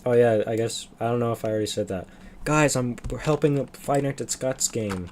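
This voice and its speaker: A young male streamer chats casually on a livestream, rambling and losing his train of thought. He has a mid-range, slightly mellow voice and speaks fairly quickly, with slight background noise.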